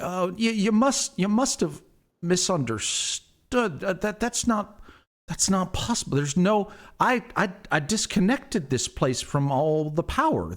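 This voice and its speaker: A man puts on a jittery, easily rattled man in a tabletop game, stumbling over every phrase. The voice sits noticeably higher than the speaker's own and moves up and down a lot. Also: exaggerated voice. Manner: stammers, repeats words. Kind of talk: game master voicing a character.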